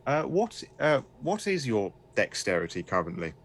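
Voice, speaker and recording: A man's voice: mid-range voice, very animated, moderate pace. A man running a tabletop horror game as game master, describing scenes in a loose, rambling way and asking players for rolls.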